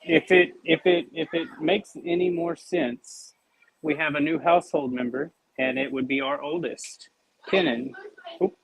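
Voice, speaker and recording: A man talking on a video call, halting and repeating his words. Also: on the high side, fairly even intonation, gravelly, breathy edge, poor audio. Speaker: caller, the host's son. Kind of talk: casual video call chat.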